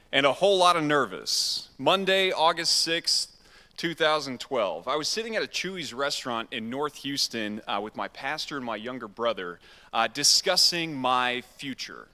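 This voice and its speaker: Bright-voiced preacher in a hall. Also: male voice, mid-range voice. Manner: casual, self-deprecating storytelling. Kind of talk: storytelling sermon. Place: church sanctuary. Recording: reverberant church hall.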